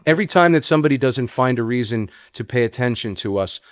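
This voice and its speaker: A man with a New York accent hosting an interview, animated and jokey, often cutting in with questions. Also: mid-range voice, fast, clean tone, no room sound, studio quality. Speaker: host. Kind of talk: casual interview talk.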